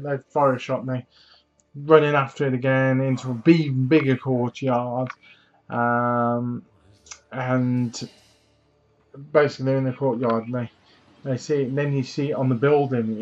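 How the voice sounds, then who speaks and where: A man's voice: mid-range voice, muffled recording. A man hosting a gaming channel, casually recapping a trailer in a chatty, rambling way full of fillers.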